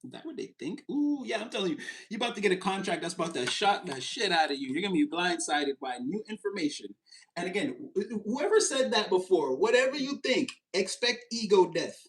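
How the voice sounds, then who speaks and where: A high-pitched man talks through a tarot reading to camera, a little fast, casual and chatty. He's animated and loose, laughing often and slipping into mocking voices. The recording is rough.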